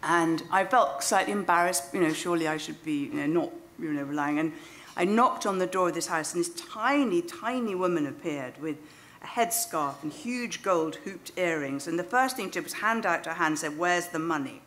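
A woman's voice: on the low side, normal speed, fairly bright tone. A woman in her fifties telling a self-deprecating, wry story to a live audience. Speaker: speaker at a storytelling event. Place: stage before an audience.

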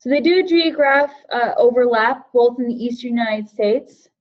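A woman's voice: fairly high pitch, moderate pace, muffled recording. A woman presenting an online lesson for educators, reading out participants' chat guesses by name and responding in a friendly way. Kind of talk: live online teaching webinar.

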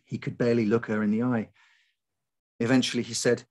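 A man reading his own folk horror story aloud to a live audience, with measured, unhurried narration. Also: mid-range voice, flat delivery, darkish tone.

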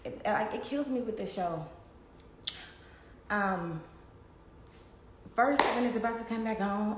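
A woman's voice: medium pitch, expressive, a little slow, long pauses, a little hiss or hum. Echoey woman rambling on a phone live. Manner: rambling, talks to her viewers. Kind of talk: casual live stream chat.

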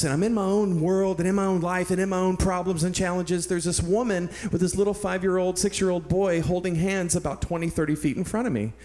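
A pastor from San Antonio, Texas, telling a personal story in a sermon with earnest, animated delivery. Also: male voice, high-pitched.

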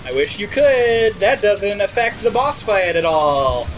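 A man playing a video game while chatting with friends, excitable and profane, breaking into cheers and grumbles. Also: high-pitched, measured pace, a little hiss or hum. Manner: excitable, swears a lot, bursts into cheers. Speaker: let's play host playing the game. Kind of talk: casual gameplay commentary.

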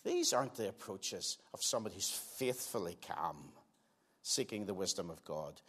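An older man preaching a sermon in a church, earnest, pressing some lines hard and dropping others to quiet, slow asides. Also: deep voice, animated, husky. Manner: earnest, swings between emphatic loud lines and quiet slowed asides. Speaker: pastor. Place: church sanctuary.

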